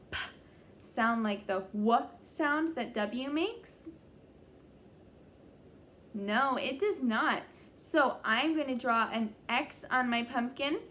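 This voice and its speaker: A young woman teaching young children a phonics lesson, sounding out letters slowly and praising them often. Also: a little high, fairly bright tone, a little hiss or hum. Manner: slow, exaggerated sounding-out of letters; encouraging, praising. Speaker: kindergarten teacher.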